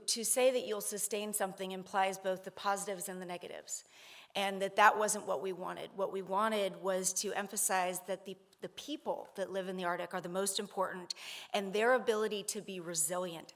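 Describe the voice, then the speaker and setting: A woman's voice: medium pitch, a bit bright. Woman, conference speaker, earnest, lots of fillers and restarts. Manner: earnest, repeats phrases, many fillers. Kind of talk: conference panel speech.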